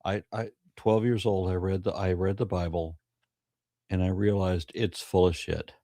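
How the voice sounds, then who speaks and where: A man's voice: sits low, steady tone, normal speed, dark tone, no room sound, clean studio sound. A man co-hosting a live stream, talking bluntly and emphatically, with some profanity. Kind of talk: casual debate review chat.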